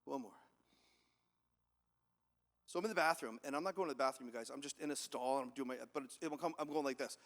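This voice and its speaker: A man giving a high-energy motivational keynote to a live audience, telling stories, acting out the voices of others and asking the crowd questions. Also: fast, pauses often, fairly bright tone. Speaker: keynote speaker. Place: large event hall with audience. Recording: echoey hall.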